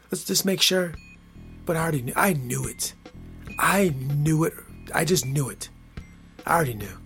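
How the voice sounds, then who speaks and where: A man hosting his own podcast, talking casually in a rambling, repetitive, playful way that swings from hushed to excited. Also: fairly high pitch, moderate pace, vocal fry, long pauses, soft background music. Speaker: podcast host. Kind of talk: casual solo podcast monologue.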